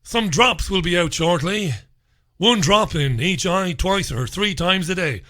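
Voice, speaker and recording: A man's voice: high voice, a little slow, bright, forceful tone. Give me an offhand vet with a Spanish accent, as a man puts him on. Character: matter-of-fact male vet on the phone.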